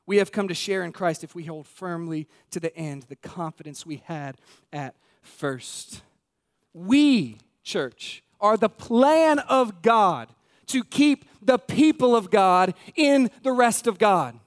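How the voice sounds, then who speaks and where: A man's voice: sits high, animated, a little slow. A man preaching a sermon as pastor, earnest and emphatic, repeating key words and speaking straight to the congregation. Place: church sanctuary.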